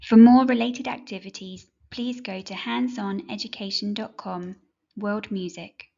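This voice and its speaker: A woman narrating a children's music lesson in a clear, measured, instructive way. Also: mid-range voice, fairly even intonation, mellow, muffled recording. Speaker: music teacher. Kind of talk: scripted educational narration.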